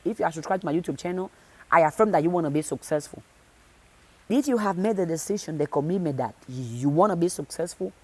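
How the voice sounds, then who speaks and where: A woman motivational speaker addresses her viewers insistently and directly, hammering points home by repeating phrases again and again. Her voice is on the low side with a darkish tone.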